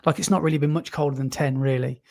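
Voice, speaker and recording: A man's voice: mid-range voice, steady tone, quick pace, gravelly, a little mellow. A man from the UK co-hosting a running podcast, chatting casually with lots of fillers and restarts. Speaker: podcast co-host. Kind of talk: casual chat.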